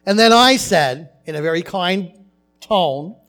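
A male pastor preaching a sermon in his church, telling stories in a conversational way with animated asides. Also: high-pitched, measured pace, soft background music. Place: church sanctuary.

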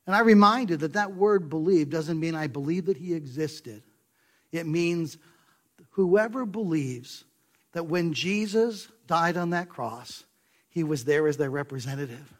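Preaching at an ordinary pace, this male pastor is emphatic and full of rhetorical questions. His voice drops for quiet, low asides and swells when he hammers home key points.

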